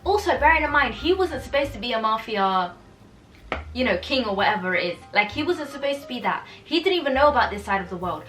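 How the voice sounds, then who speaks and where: Young woman reading vlogger, chatty and exasperated, fairly high voice. Recorded a bit off-mic in a living room with roomy echo and soft music behind. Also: quick pace, far from the mic. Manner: chatty, exasperated, animated rants. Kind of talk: casual vlog chat.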